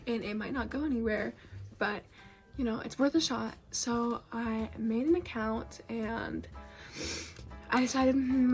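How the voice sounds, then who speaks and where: A chatty young woman with a somewhat high voice talks casually to her viewers, her sentences loose and full of fillers. Faint music plays softly under her voice. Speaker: content creator. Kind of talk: casual vlog talk.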